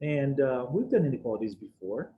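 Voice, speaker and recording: A man's voice: mid-range voice, very animated, brisk, phone-quality sound. A man teaching a math class, explaining steps in an upbeat, casual way with bits of slang. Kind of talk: live algebra class over video call. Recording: echoey room with faint noise.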